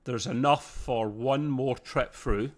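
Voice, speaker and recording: A man hosting a podcast, chatting casually through an episode review, excitable and often laughing as he recaps. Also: mid-range voice, slow. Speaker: podcast host.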